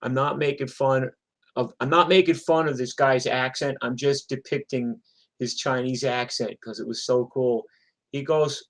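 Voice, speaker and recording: Profane, animated man. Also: mid-range voice, moderate pace. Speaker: musician telling stories. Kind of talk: live storytelling, casual.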